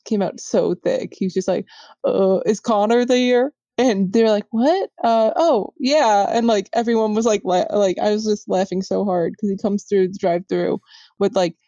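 A woman's voice: mid-range voice, steady tone, brisk, dark tone, no room sound, muffled recording. Young woman chatting, full of "like". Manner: chatty, fills with "like". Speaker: guest. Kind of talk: casual chat.

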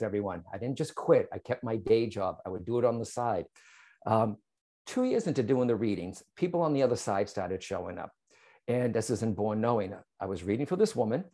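A man, a psychic medium, telling his story to an interviewer and often checking in with "right?" and "okay?". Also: medium pitch. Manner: animated, speaks straight to the host, frequent "right?" and "okay?".

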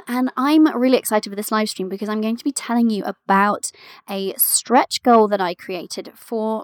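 A woman's voice: a little high, no room sound, clean studio sound. Chatty, giggly woman podcast host. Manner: chatty, giggly, affectionate, addresses listeners as "my love". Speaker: podcast host and business coach for mothers. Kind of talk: casual solo podcast talk.

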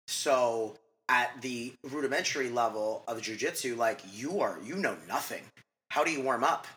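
Give me a man as a podcast guest coach, rambling quickly in a bright, forceful voice. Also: mid-range voice. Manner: fast, rambling, lots of "like" and restarts. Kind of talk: casual interview chat.

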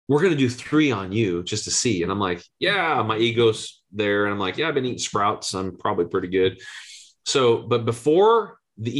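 Excitable man in his forties, storytelling. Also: fairly low pitch. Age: 40s. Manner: excitable, rapid, acts out quoted voices. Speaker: health coach. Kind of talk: animated storytelling interview.

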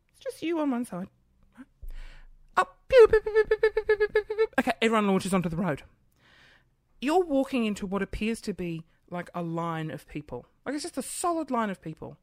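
A woman's voice: medium pitch, no room sound, clean studio sound. Exasperated thirty-year-old woman ranting. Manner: exasperated, swears freely, acts out scenes. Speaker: podcast host. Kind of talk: ranting casual monologue. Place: at home by a computer.

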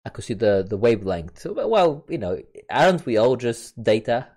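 A man's voice: mid-range voice, big pitch swings, normal speed, darkish tone, slightly rough. A man hosting a podcast over a video call, chatting casually, rambling and repeating and restarting words. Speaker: podcast host. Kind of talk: casual chat. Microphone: mic on a video call recording.

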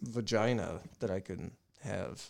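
A man's voice: fairly low pitch, measured pace, gravelly, crowd noise. A man hosting a podcast, telling crude stories in loose casual banter, full of "like" and swearing. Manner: loose, profane storytelling with frequent "like". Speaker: podcast host.

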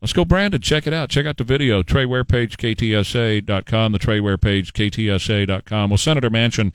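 A man's voice: on the low side, fairly quick, clean tone, no room sound. A man hosting talk radio, combative and sarcastic in his commentary. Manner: combative and sarcastic, mocking voices of others.

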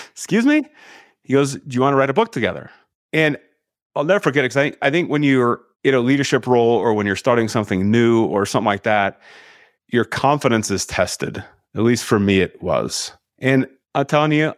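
A man's voice: mid-range voice, a little fast, no echo, clean studio sound. A middle-aged man, a sales leadership coach, telling a story as a podcast guest and acting out the dialogue with energy.

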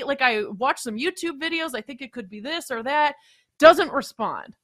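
A woman's voice: animated, normal speed, a bit bright. A woman in her thirties ranting in casual chat, telling annoyed stories and mimicking people. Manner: exasperated storytelling, mimics people in higher voice. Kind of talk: casual sports talk chat.

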